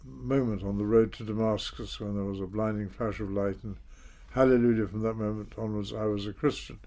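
Older man, interview guest, low voice, measured and self-deprecating, lots of ums. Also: steady tone, warm tone. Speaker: interview guest, former politician. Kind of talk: reflective storytelling.

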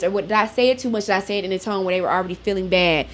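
A woman's voice: mid-range voice, very fast. A woman in casual chat among friends, speaking candidly and reflectively.

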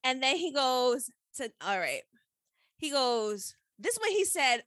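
A woman's voice: sits high, very animated, moderate pace, fairly bright tone, no echo. A woman co-hosting a casual chat, animatedly retelling a TV scene and quoting the characters. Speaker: podcast co-host. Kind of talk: casual chat recapping a TV episode.

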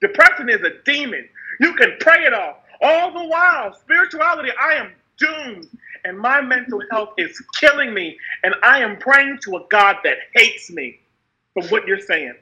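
A woman's voice: a little high, big pitch swings, normal speed, bright, forceful tone, muffled recording. A woman from the United States giving a raw, impassioned personal testimony, repeating phrases for emphasis. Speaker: speaker sharing her story.

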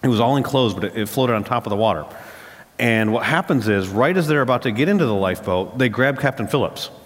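Married pastor preaching in a hall. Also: male voice, mid-range voice, lively intonation, quick pace. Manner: storytelling, emphatic repetition. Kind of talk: sermon.

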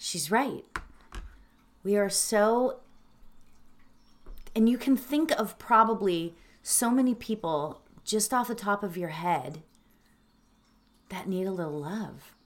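A woman with a medium-pitched voice introduces a guided meditation. She speaks earnestly and with emotion, halting and teary, letting out soft laughs.

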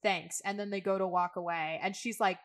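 A woman co-hosting a podcast, chatting through a TV episode recap and quoting the characters in high, excited voices. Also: fairly quick. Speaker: podcast co-host.

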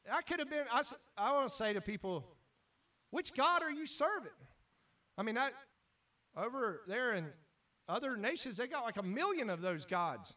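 A man preaching a sermon as pastor, animated, shouting at times and then dropping to quiet asides. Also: very high-pitched, distant mic.

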